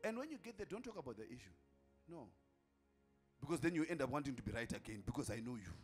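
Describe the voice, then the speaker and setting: A man's voice: mid-range voice, sing-song, fast talker, soft background music. A man preaching a sermon as an apostle, calling out to the congregation and repeating lines for effect. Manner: emphatic, calls out to the congregation, repeats lines for effect, at times shouting.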